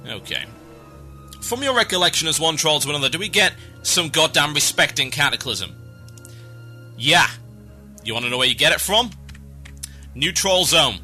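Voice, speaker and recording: A man hosts a gaming podcast, talking casually while he plays. His tone is bright and forceful and sits a little high, and his chat is brisk and wry. Faint music runs underneath. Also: lively intonation. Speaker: podcast host.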